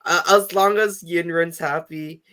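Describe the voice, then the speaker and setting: Chatty man with a bright voice. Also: on the high side, steady tone, measured pace, clean tone. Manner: chatty, laughs often, many fillers. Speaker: podcast co-host. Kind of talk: casual chat.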